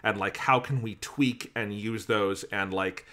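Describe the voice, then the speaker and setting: A man co-hosting a podcast in casual chat, talking in a measured, analytical way. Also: lowish voice, steady tone, sharp tone. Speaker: podcast co-host.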